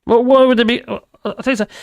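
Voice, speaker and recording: A man's voice: very high voice, steady tone, racing, darkish tone, dry recording, clean studio sound. A man hosting a casual livestream, rambling and humming to himself while he looks for things. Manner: rambling, hums while searching. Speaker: livestream host.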